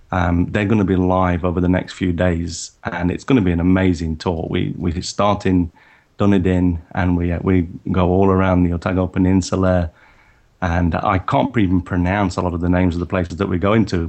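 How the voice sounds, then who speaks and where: A man's voice: deep voice, a little mellow. A man guesting on a photography podcast, talking casually about his upcoming tours with many restarts and fillers. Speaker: photography workshop leader, guest.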